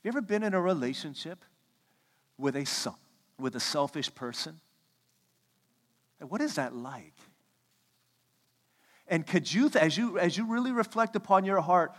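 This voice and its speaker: A man in his thirties preaching a sermon, telling stories and acting out the quotes with lively energy. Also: high-pitched. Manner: animated storytelling, acts out quotes. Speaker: pastor. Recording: echoey hall reverb.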